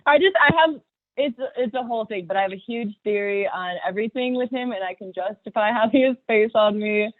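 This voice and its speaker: A young woman rapper chatting casually as a podcast guest, excitable and profane, laughing often. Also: on the high side, normal speed, dry recording. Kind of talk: casual chat. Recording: dry tinny phone-like audio.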